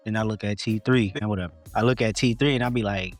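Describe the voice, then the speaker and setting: A man co-hosting a casual podcast, a father telling relaxed, reflective stories about his kids. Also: on the low side, quick pace, hardly any pauses, faint music behind. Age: adult father of a twelve-year-old. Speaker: podcast co-host. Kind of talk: casual chat.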